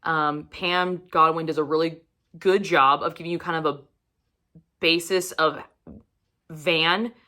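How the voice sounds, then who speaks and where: A woman book vlogger chatting casually and gushing about what she is reading, animated and cursing freely. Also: low-pitched, measured pace, pauses often. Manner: gushing and animated, with frequent swearing. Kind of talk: casual book review chat.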